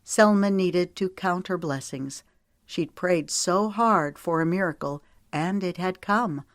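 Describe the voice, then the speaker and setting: Woman reading an audiobook, low-ish voice, steady pace, dead dry close mic. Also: dry recording. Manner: measured, steady storytelling. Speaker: audiobook narrator. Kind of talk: scripted narration.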